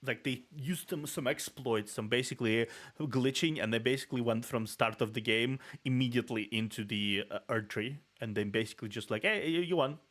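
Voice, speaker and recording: A man's voice: medium pitch, steady tone, brisk, fairly bright tone. Russian-accented man rambling on stream. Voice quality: rolled R's. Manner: rambling, laughing, many restarts. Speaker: VTuber streamer. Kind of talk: casual reaction stream.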